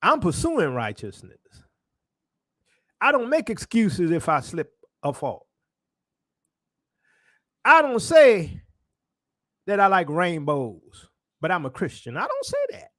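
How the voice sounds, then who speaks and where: A male preacher delivers a fervent sermon in a high voice that leaps and swoops across a very wide range. He calls out to his listeners and climbs to ringing exclamations. The sound is dry and close, with no echo. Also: huge pitch swings, slow pace, pauses often. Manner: fervent, rising to shouted exclamations; calls out to the congregation.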